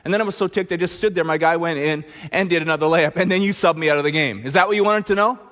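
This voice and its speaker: A man voicing an angry, defensive young male basketball player, ranting loudly. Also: fairly high pitch, fast talker, big-room sound, pitched above the performer's own voice, lightly acted. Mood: agitated. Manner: loud, agitated ranting.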